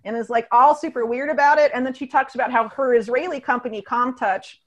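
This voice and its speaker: A woman talks through a long tangent in a casual podcast, piling on fillers and restarts. Her voice sits a little high. The delivery is quick and loose. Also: fairly even intonation. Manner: fast, rambling, filler-heavy storytelling.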